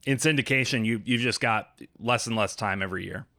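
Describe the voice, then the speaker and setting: A man's voice: medium pitch, sharp tone, no echo, studio quality. A young man, teasing and playful, co-hosting a comedy podcast and reading narration. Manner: playful, teasing, quick with jokes. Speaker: podcast co-host and script narrator.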